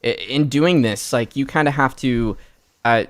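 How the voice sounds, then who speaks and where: A man's voice: medium pitch, a little slow, no echo. A young man hosting a casual live stream, chatty and trailing off with fillers. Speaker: streamer and host.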